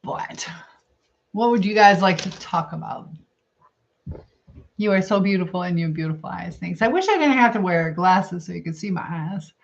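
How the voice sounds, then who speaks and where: With a creaky voice on the low side and lively intonation, a middle-aged livestream host chats at normal speed, reading viewer comments while eating. Her talk is rambling, chatty and thought aloud, over dull lo-fi stream audio.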